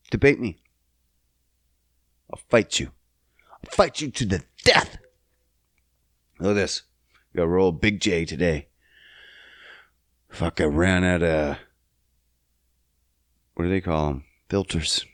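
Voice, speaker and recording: Young male podcast host, profane and excitable, slow delivery with big pitch swings, dry close mic. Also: dry recording. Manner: profane, animated, swings loud when worked up. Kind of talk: casual solo podcast rant.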